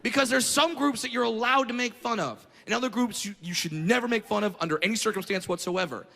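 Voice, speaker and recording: A male stand-up comedian doing a loud, profane routine that breaks into shouted rants, performing on stage before a live audience. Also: high voice, quick pace, gravelly. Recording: echoey hall with crowd noise.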